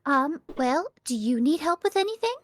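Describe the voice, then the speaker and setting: A woman's voice: high voice, very animated, moderate pace, dry recording. A woman playing a tabletop role-playing game, polite and hesitant when speaking in character. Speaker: player. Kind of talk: tabletop role-play on stream.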